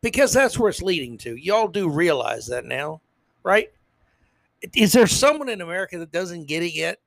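A male podcast host delivers a sarcastic, emphatic political rant that sometimes trips over its words. His high, creaky voice swings widely in pitch at a moderate pace, with no room sound.

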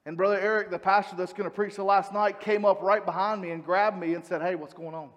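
A man with a high voice delivers a sermon with earnest, conversational warmth. He turns to the congregation with questions. His voice rings through a hall with a long reverb tail. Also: fairly even intonation, fast. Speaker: preacher.

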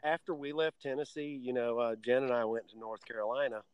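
A man in his forties chatting casually, with a dry, teasing humor. He talks in halting bits with fillers. His voice sits at an average pitch, recorded close and dry. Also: clean tone, no room sound, highs cut off. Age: 40s. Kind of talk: casual chat.

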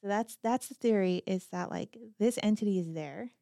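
A young woman on a podcast, relaxed and matter-of-fact, retelling a ghost story with quoted dialogue. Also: medium pitch, moderate pace, creaky, no echo, studio quality. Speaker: podcast co-host. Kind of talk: casual storytelling chat.

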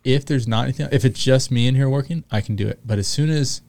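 Man, podcast co-host, easygoing rambling chat, medium pitch. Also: quick pace, a little mellow. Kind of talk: casual banter.

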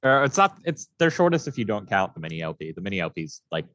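Low-voiced man in blunt podcast chat. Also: sing-song, quick pace, fairly bright tone. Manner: blunt, laughs often, swears casually. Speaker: podcast co-host. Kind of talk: casual music review chat.

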